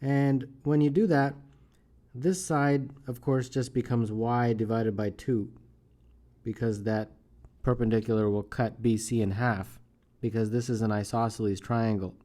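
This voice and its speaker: A man's voice: mid-range voice, steady tone, measured pace, mellow. A man teaching a math contest solution step by step, thinking aloud and often checking in with "right?". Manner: thinks aloud while working problems, often adds "right?". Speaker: math tutor. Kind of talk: screencast math tutorial.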